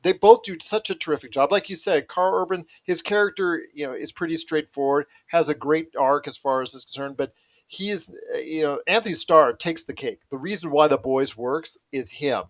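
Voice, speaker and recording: Chatting casually on his podcast, a male host sounds enthusiastic and tends to repeat himself. His voice is fairly high, and he keeps a moderate pace.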